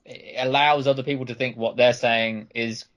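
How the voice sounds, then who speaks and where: Man, halting casual chat, dull lo-fi sound, podcast co-host. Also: medium pitch, steady tone, a bit bright. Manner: halting, restarts often.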